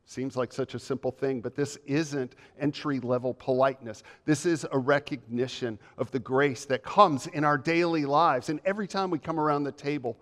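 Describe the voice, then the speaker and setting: A male pastor delivers a measured, emphatic sermon full of repeated phrases. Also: mid-range voice. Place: church sanctuary. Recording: long reverb of a church hall.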